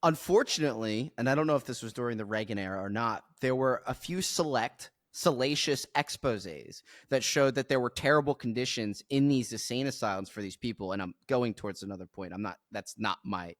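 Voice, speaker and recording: A man's voice: medium pitch, brisk, few pauses, no echo, clean studio sound. A man hosting a podcast, ranting bluntly and emphatically in casual chat. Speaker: podcast host.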